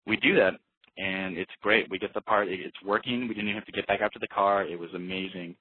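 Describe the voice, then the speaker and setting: Husky low-voiced young man telling a story. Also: fast talker, dry recording. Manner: rambling, relaxed, full of fillers and restarts. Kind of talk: casual storytelling. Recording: tinny phone-like dry sound.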